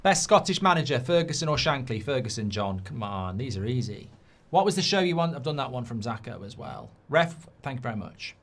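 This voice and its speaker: Excitable sweary man hosting a football watchalong. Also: medium pitch, fairly quick, hardly any pauses. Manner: excitable, sweary, reads viewer questions aloud. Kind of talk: live match watchalong chat.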